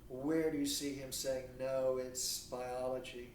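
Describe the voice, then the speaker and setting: A man's voice: medium pitch, flat delivery, unhurried, a little mellow, slight background noise. A man giving a lecture who asks rhetorical questions and acts out imagined dialogue. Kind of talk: recorded university lecture. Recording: echoey room, mic at a distance.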